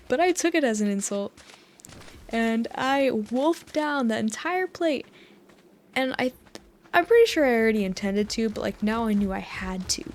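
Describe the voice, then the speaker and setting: A young American woman talks softly and chattily over cozy gameplay, wandering from story to story and laughing along the way. Her voice sits at an everyday middle pitch, with a faint hum of ambience behind it. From United States. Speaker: gaming channel host. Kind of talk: soft-spoken rambling over relaxing gameplay.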